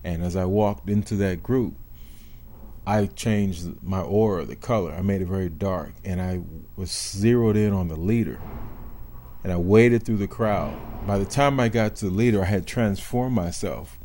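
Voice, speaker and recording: An older man with a very low voice tells a personal story in an interview, measured and deliberate, pausing to reflect. His tone is dark and mellow. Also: slight background noise. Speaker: former police officer telling his story.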